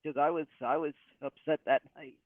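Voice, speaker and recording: Guy calling in, kinda high voice, repeats himself a lot, tinny phone sound. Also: fairly even intonation, moderate pace, no room sound. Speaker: podcast co-host. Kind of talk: casual sports talk.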